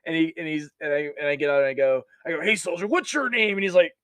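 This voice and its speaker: Animated young man telling army stories. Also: fairly high pitch, fast talker, no echo. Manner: animated, laughs often, many restarts. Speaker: guest, army veteran. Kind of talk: casual storytelling.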